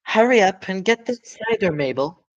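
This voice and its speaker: A man's voice: high-pitched, expressive, normal speed, highs cut off, voice pushed up. A man voicing a farmer's wife in a storybook, calling out bossily from upstairs. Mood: bossy.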